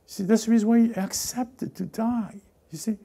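Man, pastor, gravelly, warm, lively sermon, restarts and repeats. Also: high voice, moderate pace. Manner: animated, repeats words, acts out characters. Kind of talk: lively sermon with acted-out voices.

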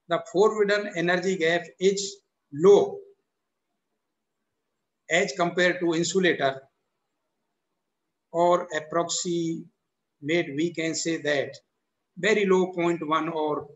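A man with an Indian English accent giving a university lecture, halting and repetitive, often restarting with "so the" and "or we can say". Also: fairly high pitch, reverberant, dull audio. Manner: halting, repeats itself, frequent "so the" and "or we can say" restarts. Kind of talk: recorded classroom lecture.

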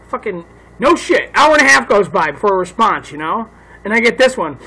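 Gravelly, lively man ranting profanely. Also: high voice, fairly quick, poor audio. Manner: rambling, heavy swearing, laughs at own jokes. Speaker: comedian ranting. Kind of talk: casual profane rant. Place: home. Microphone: phone.

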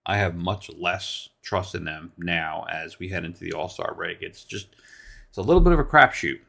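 A man hosts his own sports talk show, speaking low and gravelly with plenty of vocal fry. He runs through bad news in a blunt, exasperated way, turning sarcastic and swearing without holding back. The delivery is unscripted solo commentary. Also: a bit bright. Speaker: sports talk podcast host.

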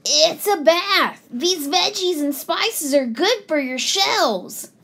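A woman voicing a bossy male fox cook who talks briskly in a storybook reading. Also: very high voice, lively intonation, fairly bright tone, pitched above the performer's own voice, full character voice.

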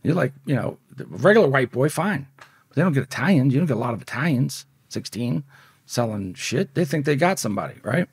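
A man's voice: mid-range voice, animated, brisk, slightly rough, no echo, clean studio sound. A man guest in an interview, telling a story in a rambling, profane, conversational way. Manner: profane, rambling, repeats words as he goes. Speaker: podcast guest.

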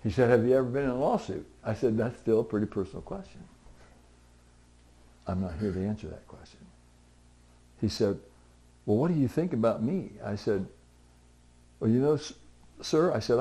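A middle-aged man gives a folksy sermon full of homespun stories. His voice sits at a medium pitch. He keeps slipping into the voices of the people he talks about, and at times he rises into loud, high-pitched pleading before easing back down. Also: lively intonation, moderate pace, long pauses. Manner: conversational storytelling, voicing other people in dialogue; swings to loud, high, pleading outbursts for emphasis. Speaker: pastor.

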